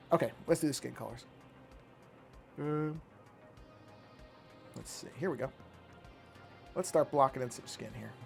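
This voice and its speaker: A man's voice: on the high side, creaky. A man chatting casually while working on a digital drawing, rambling and correcting himself as he thinks aloud. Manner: rambling, self-correcting, apologetic about yawning. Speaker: artist streaming his drawing.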